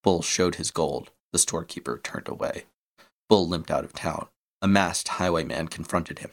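Man reading a western tale out loud, steady, very low voice. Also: moderate pace, gravelly. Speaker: storyteller. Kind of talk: reading a western adventure story aloud.

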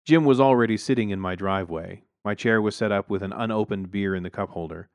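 A man's voice: on the low side, fast talker, clean tone, no echo. A man narrating a first-person story with wry, dry humor.

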